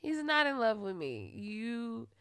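A woman hosting a podcast, telling a personal story in a blunt, profane way that swings into loud, heated retellings. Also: a little high, sing-song, takes it slowly, clear, resonant tone, no room sound, clean studio sound. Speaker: podcast host. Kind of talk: candid storytelling monologue.

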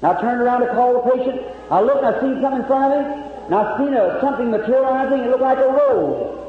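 High-voiced preacher in an echoing hall. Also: male voice, quick pace. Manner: fervent storytelling with plain rural grammar. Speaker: evangelist preacher. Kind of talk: revival sermon testimony. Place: large meeting hall with audience. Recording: lo-fi old hall recording.

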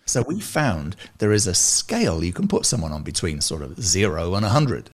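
Low male voice, very expressive intonation, chatty guest with restarts. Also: moderate pace, husky. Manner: animated, restarts often, laughs between points. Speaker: guest, music service founder. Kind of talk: casual interview chat. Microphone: video call.

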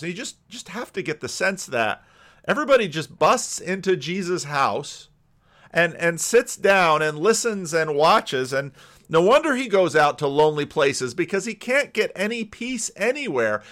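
A middle-aged male pastor preaching with a lively, animated voice that climbs and dips a lot. His pitch sits a little high for a man. He talks conversationally and often repeats a word while he thinks aloud. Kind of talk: sermon.

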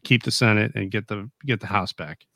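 Male co-host, rambling and agreeable, lowish voice, dry studio sound. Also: steady tone, a little fast, creaky, bright, forceful tone, no room sound. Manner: rambling, agreeable, lots of fillers. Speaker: talk show co-host. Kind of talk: casual political chat.

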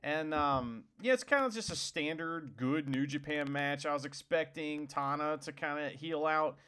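A man co-hosting a casual wrestling podcast, excitable and swearing freely. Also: a little high, normal speed, clean tone. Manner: excitable, swears, laughs often. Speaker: podcast co-host.

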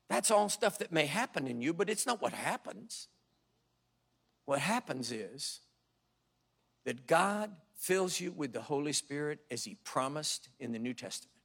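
A middle-aged man preaching in a fairly high voice. He tells his stories dramatically, dropping to a hush, then rising loud as he acts out what people said. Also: creaky, breathy edge. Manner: dramatic, swinging from hushed to loud. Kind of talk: sermon with storytelling.

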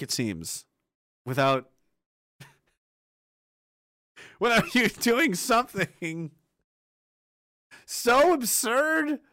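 Profane, sarcastic ranting man, bright voice. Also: a little high, no room sound, clean studio sound. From Canada. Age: adult, ex-soldier. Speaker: commentary host. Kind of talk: ranting political commentary.

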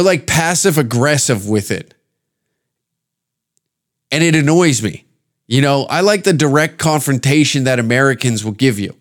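A man from Canada hosting a podcast, ranting in a crude, rambling comedic way and slipping into put-on voices. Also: fairly high pitch. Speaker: podcast host. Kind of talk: casual comedic rant.

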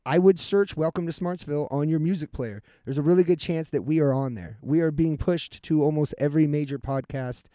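Laid-back swearing podcast host, dry sound. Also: male voice, a little high, brisk, few pauses, mellow, no room sound. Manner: laid-back, swears often, laughs easily. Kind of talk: casual podcast chat and outro.

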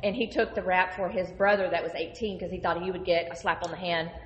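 A woman's voice: lowish voice, fast, slight background noise. Woman minister, echoey hall. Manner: animated, conversational storyteller. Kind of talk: casual testimony storytelling. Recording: roomy hall reverb.

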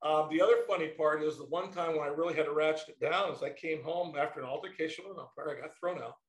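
Middle-aged guy spinning stories, kinda high voice, roomy echo all around. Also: fast talker. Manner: animated storyteller, quotes his kids in lively bursts. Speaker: former baseball manager, guest. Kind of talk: storytelling in a casual interview.

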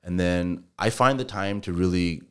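A man's voice: sits low, moderate pace, smooth. A man, a contractor, talking casually as a podcast guest, rambling with lots of filler phrases. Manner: relaxed, rambling, heavy use of filler phrases.

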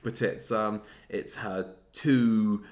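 A man's voice: lowish voice, fairly even intonation, drawn-out words, a little mellow. A man, casually recapping a soap episode as podcast co-host, chatty and rambling with many restarts. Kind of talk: casual chat.

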